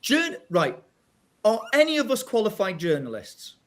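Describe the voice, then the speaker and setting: A man's voice: high-pitched, wildly swooping pitch, normal speed. A man hosting a casual podcast chat, ranting in exasperation and breaking into laughs. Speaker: podcast host.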